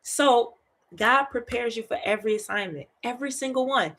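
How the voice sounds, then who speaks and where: Animated, chatty woman Bible study host. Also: fairly high pitch, moderate pace. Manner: animated, chatty, laughs often, keeps asking "right?"; repeats phrases for emphasis. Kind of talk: casual Bible study teaching.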